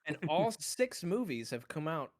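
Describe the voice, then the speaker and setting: A man's voice: a little high, sing-song, unhurried, a little mellow, dry recording, studio quality. A man co-hosting a movie podcast, telling stories in a rambling, casual way full of fillers. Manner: rambling, filler-heavy storytelling. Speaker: podcast co-host.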